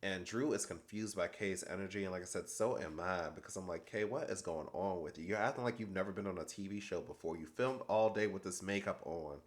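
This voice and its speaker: Recap host: man, lowish voice, animated gossipy delivery, acts out the quotes. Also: brisk, few pauses. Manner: chatty and gossipy, laughs at his own jokes. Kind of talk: casual recap commentary.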